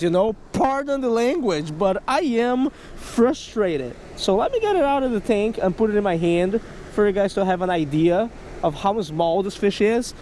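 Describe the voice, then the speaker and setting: A man narrating his own fishing vlog outdoors at a creek, excitable, talking to himself and the fish and shouting when he gets excited. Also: extremely high pitch, a little hiss or hum. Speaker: fishing vlogger.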